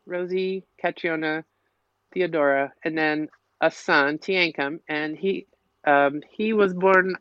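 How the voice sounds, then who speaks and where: A woman's voice: fairly low pitch, clear, resonant tone, no room sound. A middle-aged woman with a Minnesota accent, chatting as a podcast guest in a rambling, storytelling way. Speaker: podcast guest, local piper. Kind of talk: casual interview chat. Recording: slightly muffled, dull audio.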